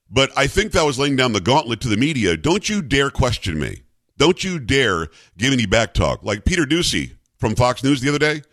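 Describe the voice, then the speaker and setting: A man hosting a political commentary show, talking in a sarcastic, animated way. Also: mid-range voice, dry recording, studio quality. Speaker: talk show host.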